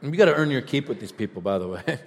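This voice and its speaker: A man's voice: medium pitch, expressive, rapid-fire, vocal fry. Fervent preacher man in a big echoing hall. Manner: storytelling, rising to fervent shouts. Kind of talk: sermon. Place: large event hall. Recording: reverberant large hall.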